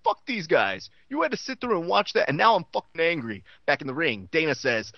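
Podcast host, male, sarcastic and profane; fairly high, animated voice, lo-fi. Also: a little fast, creaky, hardly any pauses, dry recording. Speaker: podcast host recapping a show. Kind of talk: comedic recap.

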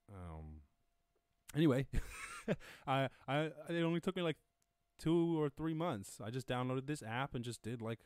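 A man's voice: mid-range voice, a little mellow, smooth, dry recording. A man with an Irish accent hosting a casual lockdown live stream from home, rambling and joking with plenty of swearing. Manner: profane, jokey, rambling. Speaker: podcast host.

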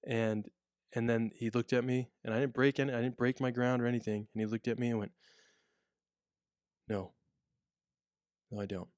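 A man's voice: medium pitch, little pitch movement, quick pace, darkish tone, no echo, clean studio sound. A man who works as a prison officer, telling stories in a casual podcast chat with lots of restarts and fillers. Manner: rambling storyteller, many restarts and fillers.

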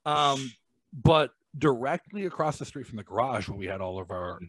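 A man's voice: medium pitch, moderate pace. A man from Massachusetts, a podcast guest, telling a story in a blunt, profane, casual way. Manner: blunt, profane, animated when quoting himself.

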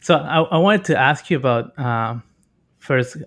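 A man's voice: mid-range voice, expressive, unhurried, a bit bright. A young man from Mexico hosting a casual interview, chatty and curious, with loose phrasing and many fillers. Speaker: host.

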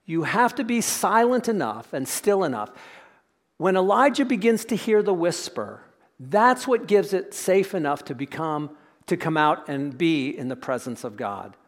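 A male pastor with a notably high voice delivers a reflective sermon, often letting his voice sink to a soft hush on key words. The sound hangs in a long church reverb. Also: sing-song, unhurried. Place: church sanctuary.

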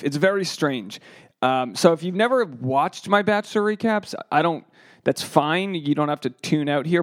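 Gravelly-voiced man hosting a solo podcast. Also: mid-range voice, a little mellow, dry recording, clean studio sound. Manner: loose, profane, self-deprecating banter. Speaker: podcast host and comedian.

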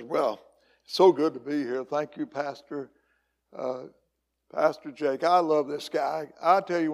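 An older evangelist with a slightly high, gravelly voice preaches a folksy sermon full of jokes and "uh"s. His words ring with a long echo through a church hall. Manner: folksy, joking, with many fillers. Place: church sanctuary.

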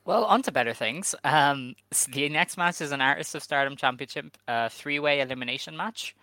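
A man's voice: fairly high pitch, normal speed, sharp tone, dry recording. A man co-hosting a casual podcast, running through events with dry sarcasm. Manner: dry, sarcastic rundown of the card. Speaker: co-host. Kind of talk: casual wrestling podcast chat.

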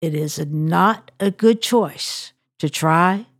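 A woman sharing a personal story as a devotional, weaving in scripture as she goes. She speaks slowly and deliberately. The recording is close and dry. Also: fairly low pitch, dry recording. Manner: warm anecdotal storytelling with scripture.

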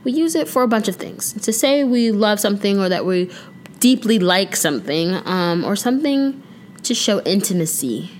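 A woman's voice: medium pitch, lively intonation, normal speed, a little hiss or hum. A young woman hosting a casual solo podcast, chatting playfully with slang and now and then breaking into song. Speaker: podcast host.

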